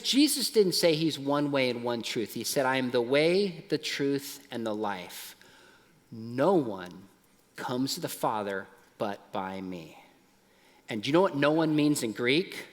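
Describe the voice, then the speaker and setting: A middle-aged man giving a lively talk at a youth conference, dropping soft and low at emotional points. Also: long reverb tail. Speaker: conference speaker. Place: large conference hall.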